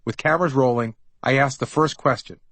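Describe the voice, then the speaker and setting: A man's voice: medium pitch, a little fast, a bit bright, dry recording, low-quality recording. A middle-aged man tells his own story in an easy, wry, conversational way, as if recounting it to a friend. His voice sits in a mid range. The studio sound is dry and close. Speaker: author narrating his memoir. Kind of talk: audiobook memoir narration.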